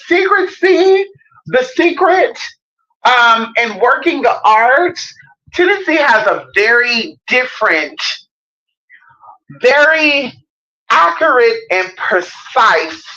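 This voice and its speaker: Animated, profane woman vlogging. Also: on the high side, dull audio. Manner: animated, profane, acts out quoted voices. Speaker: self-described certified herbalist and hoodoo practitioner. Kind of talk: casual vlog monologue.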